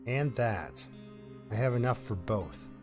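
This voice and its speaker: A man's voice: mid-range voice, takes it slowly, a little mellow, soft background music. A man giving casual let's-play commentary, thinking aloud with fillers and restarts as he plays. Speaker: gameplay commentator.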